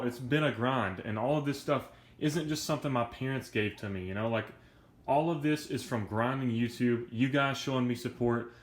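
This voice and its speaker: A young man talking casually and earnestly to his viewers in a vlog, energetic and a bit out of breath, with lots of slang. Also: medium pitch, reverberant. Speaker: YouTuber.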